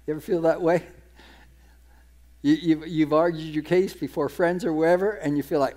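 A man's voice: fairly high pitch, normal speed, long pauses, a little mellow. A man giving a conversational Bible teaching, paraphrasing scripture in everyday speech with frequent restarts and repeated words. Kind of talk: sermon-style Bible teaching.

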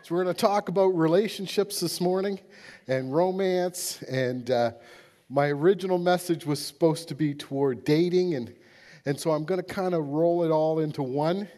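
A man preaching a sermon as pastor, speaking plainly and relaxed, halting with many fillers. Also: a little high.

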